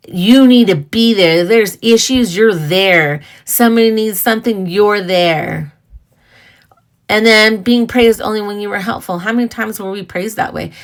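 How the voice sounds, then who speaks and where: A woman's voice: medium pitch, a bit bright. A middle-aged woman hosting a casual talk on emotional healing, earnest and conversational, with personal stories and asides. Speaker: podcast host.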